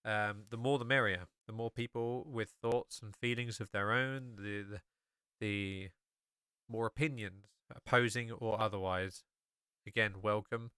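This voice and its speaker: A man's voice: fairly low pitch, fairly even intonation, unhurried, pushed and bright, smooth, dry recording, studio quality. A man hosting a solo podcast, talking casually and rambling, with many fillers and restarts. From England. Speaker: podcast host.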